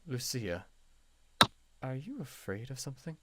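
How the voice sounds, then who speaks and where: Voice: mid-range voice, animated, measured pace, very noisy, close to an everyday voice. A game master voicing a dry, teasing male court mage in a put-on British accent.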